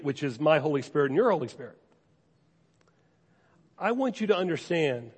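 A pastor delivers a sermon in a slightly high, slightly rough voice, speaking earnestly and conversationally. He repeats key phrases to spur his listeners on, and the recording carries the long reverb of a large hall.

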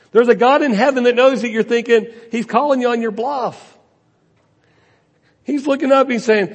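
A man's voice: extremely high pitch, lively intonation, moderate pace. A man preaching a sermon as a pastor, with rhetorical questions and emphasis that rises and falls. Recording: long hall reverb.

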